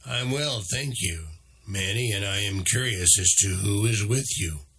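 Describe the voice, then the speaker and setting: A man's voice: a little slow, fairly bright tone, breathy edge, full character voice. A man voicing an intelligent, curious male emu with a slight Australian accent, in a proud and mocking manner. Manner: proud, mocking, raised pitch.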